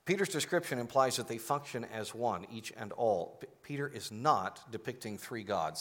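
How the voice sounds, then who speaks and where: A male pastor preaching a sermon in a conversational, explanatory way, asking the congregation to answer aloud. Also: mid-range voice.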